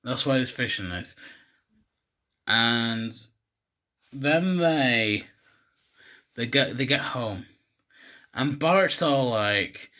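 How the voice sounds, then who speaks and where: A man's voice: mid-range voice, animated, extremely slow, long pauses, bright, forceful tone. A man hosting a comic vlog, rambling and swearing as he retells a cartoon episode with laughs. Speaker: host.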